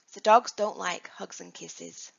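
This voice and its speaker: A woman's voice: fairly low pitch, fairly even intonation, slow, creaky, a bit bright, breathy edge. A woman teaching young children about dog safety, coaxing answers with questions and playful prompts. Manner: sing-song, coaxing questions to kids. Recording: dull lo-fi recording.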